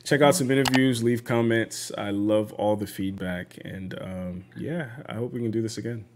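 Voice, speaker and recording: A man from Nigeria, a podcaster, answering interview questions in a relaxed, measured way with many fillers. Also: lowish voice. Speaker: podcaster guest.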